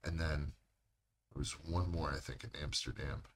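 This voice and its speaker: A man's voice: rumbling low, steady tone, normal speed, slight background noise. A man co-hosting a podcast, telling rambling, profane stories in casual chat. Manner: rambling, swears a lot. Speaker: podcast co-host.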